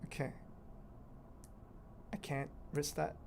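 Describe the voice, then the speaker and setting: A woman's voice: deep voice, little pitch movement, slow, creaky, background noise. A woman streaming a mobile game, chatting casually to viewers and exclaiming at near misses. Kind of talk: casual live-stream commentary while playing.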